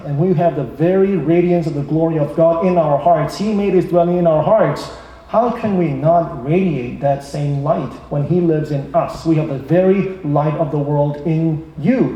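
A man delivers a sermon in a warm, mellow voice pitched a little high. He is emphatic, lifting and slowing his words to drive points home. The sound carries a long, echoing reverb from a large church hall. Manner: emphatic, rising and slowing for stress. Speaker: preacher. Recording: echoey hall from far off.

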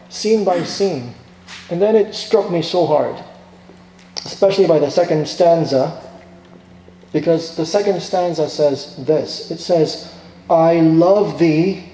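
Impassioned preacher in an echoey hall. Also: male voice, a little high. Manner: impassioned, swings from hushed to loud. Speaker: pastor. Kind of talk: sermon. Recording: echoey hall with long reverb.

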